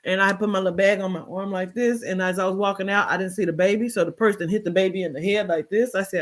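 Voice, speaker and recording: A woman's voice: medium pitch, quick pace, hardly any pauses. Chatty woman telling a story. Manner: chatty, expressive retelling with colloquial asides. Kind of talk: reading a short story aloud, then casual storytelling.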